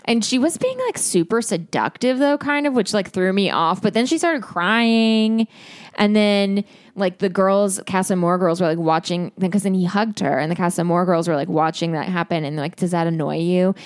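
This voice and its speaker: A woman's voice: mid-range voice, normal speed, no room sound, clean studio sound. A young woman co-hosting a podcast, chatting casually and acting out quotes, saying "like" a lot. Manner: chatty, heavy use of "like", acts out quotes. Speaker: podcast co-host. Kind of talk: casual chat recapping a reality show. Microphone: podcast mic.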